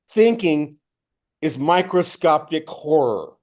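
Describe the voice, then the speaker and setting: Man, spiritual teacher, reflective talk, slightly raised pitch, acts out inner voices. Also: moderate pace, darkish tone. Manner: acts out his own inner voices, rising to a strained high pitch.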